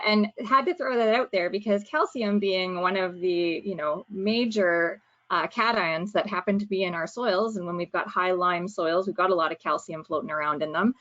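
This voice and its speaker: Woman explaining soil on a dull call. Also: mid-range voice. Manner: explanatory, many fillers and self-corrections. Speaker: provincial soil specialist. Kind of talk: webinar presentation. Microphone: video call.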